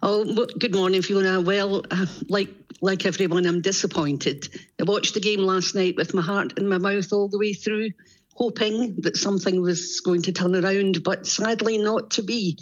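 A woman, a guest on a radio show, soft-spoken and regretful. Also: mid-range voice, fairly even intonation, moderate pace, dull audio.

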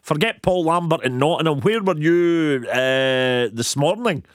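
Scottish man, football show host, casual, rambling, slightly high voice, dry sound. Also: animated, no echo. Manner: chatty, rambling, quick to laugh. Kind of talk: casual sports chat.

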